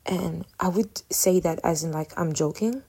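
A woman's voice: fairly low pitch, normal speed, warm tone, husky. A woman hosting a casual solo podcast, talking in a candid, reflective, rambling way full of fillers and self-corrections. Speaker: podcast host.

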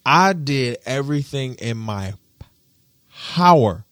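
Animated young man telling stories. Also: takes it slowly, dry recording, studio quality. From Detroit. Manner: animated, slangy, swings from loud exclamations to low muttering. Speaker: podcast host. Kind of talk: casual storytelling monologue.

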